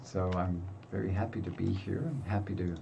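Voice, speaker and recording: A man's voice: deep voice, steady tone, brisk, creaky, background noise. An older man hosting a gaming video, giving chatty, self-deprecating commentary as he plays. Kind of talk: casual gameplay commentary.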